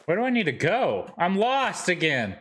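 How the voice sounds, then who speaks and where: Animated, excitable male game streamer. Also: high-pitched, moderate pace, slight background noise. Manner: excitable, talks to himself and chat, yelps and shouts at enemies. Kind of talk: live gameplay commentary.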